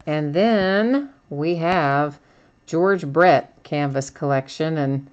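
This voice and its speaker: Low-pitched woman, middle-aged, easygoing card break host; casual, chatty, quick to laugh. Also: muffled recording. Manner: chatty, laughs often, reads out cards and chat. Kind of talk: live stream card break commentary.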